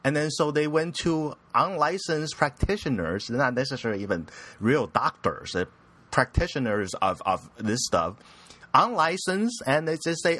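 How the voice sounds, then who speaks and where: A man's voice: fairly high pitch, animated, moderate pace, bright, forceful tone. A young man hosting a casual anime news podcast, rambling and crude, often giggling at his own jokes. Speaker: podcast host.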